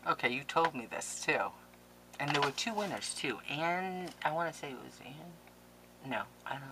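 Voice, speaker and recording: Gushing excitable woman. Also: on the low side, background noise. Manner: gushing, excitable, laughs and gasps often. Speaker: crafting vlogger. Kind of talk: casual vlog, opening mail on camera.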